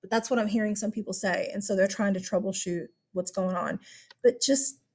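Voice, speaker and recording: A woman's voice: medium pitch, fairly even intonation, brisk, darkish tone, husky. Chatty, upbeat woman teacher. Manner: chatty and upbeat, laughing, with many fillers. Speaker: high school history teacher. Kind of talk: casual online class instruction.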